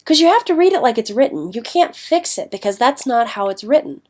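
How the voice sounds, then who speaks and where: Woman, teacher, recorded lecture, congested and sniffly, chatty, self-correcting, slightly high voice. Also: very animated, brisk, darkish tone. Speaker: English teacher.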